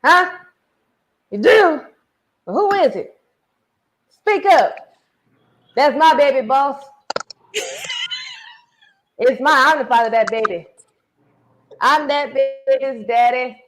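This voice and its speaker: A woman puts on a swaggering middle-aged man, pressing his listener with pointed questions and bragging about being the father. The voice sits high and moves slowly, as a movie line read aloud for a game. A faint hiss runs underneath. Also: animated, rough recording. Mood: boastful.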